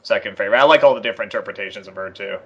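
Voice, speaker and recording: A man's voice: on the low side, very fast, fairly bright tone, slightly rough. Laughing man on a dull lo-fi track. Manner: laughs a lot, enthusiastic, acts out quotes. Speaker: guest. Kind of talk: casual commentary chat. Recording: dull lo-fi audio.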